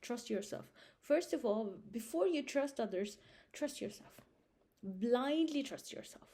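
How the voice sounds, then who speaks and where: This young vlogger's voice is a little high with a dark tone, and she speaks animatedly but a little slowly. Giving casual direct-to-camera life advice, she stresses and repeats her points, frequently asking "Understand?"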